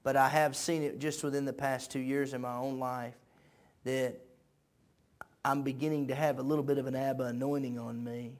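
A man preaching a sermon, moving from quiet conversational talk up to shouted peaks, repeating phrases in a preacher's cadence. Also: mid-range voice, little pitch movement, moderate pace. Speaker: pastor.

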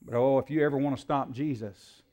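An older man preaching a sermon to a church congregation, asking the crowd questions and building to loud shouts. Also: medium pitch, fairly even intonation, a little fast. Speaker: pastor. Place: church sanctuary.

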